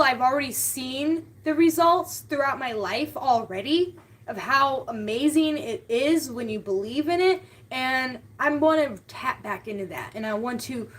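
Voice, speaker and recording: A woman's voice: fairly high pitch, fairly bright tone. A woman hosting a spiritual live stream, talking casually and heartfelt, often repeating her key words.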